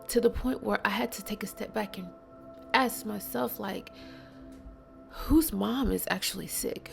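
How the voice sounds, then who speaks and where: A woman giving a blunt, earnest and emotional spiritual monologue, stressing slow words and sometimes dropping to a whisper. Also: medium pitch, vocal fry, soft background music. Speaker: spiritual channel host.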